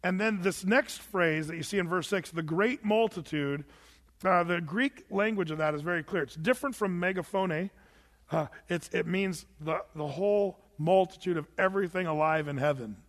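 A man preaching a conversational Bible study sermon as pastor, informal, repeating words and reading scripture aloud slowly, in a church. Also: high voice. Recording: long reverb of a church hall.

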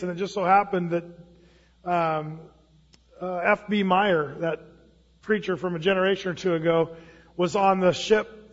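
A man preaching a sermon in a conversational storytelling way, often restarting phrases. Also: high voice. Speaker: pastor. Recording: dull lo-fi sound with long hall reverb.

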